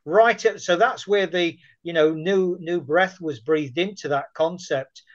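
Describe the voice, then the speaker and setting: A man's voice: fairly high pitch, unhurried. A man telling anecdotes in a casual conversation, chatty and rambling. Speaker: guest. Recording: muffled lo-fi audio.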